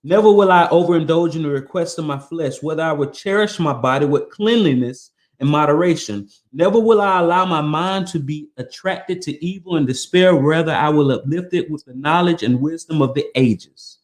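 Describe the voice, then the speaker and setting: A man's voice: fairly high pitch, moderate pace, few pauses. A man hosting a podcast, reading a motivational text aloud in an earnest, emphatic way and breaking off for casual asides. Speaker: podcast host.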